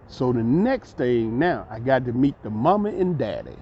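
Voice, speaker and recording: A man's voice: medium pitch, normal speed, vocal fry, a little hiss or hum. Man telling a story, lo-fi sound. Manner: animated, acts out voices, laughs mid-story. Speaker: vlogger. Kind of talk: storytelling monologue. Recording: dull lo-fi recording.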